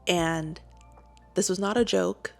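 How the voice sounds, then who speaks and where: Young woman, low gravelly voice, casual storytime with soft music under, lots of ums. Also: takes it slowly. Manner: chatty, lots of fillers, animated quoting. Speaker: clinical psychologist and YouTuber.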